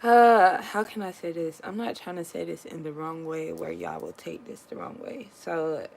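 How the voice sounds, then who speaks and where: A woman talking casually to her viewers in an earnest, comforting and reflective way, pausing often and restarting her sentences. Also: on the low side, expressive, gravelly, darkish tone, slight background noise, low-quality recording. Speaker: vlogger sharing a personal story.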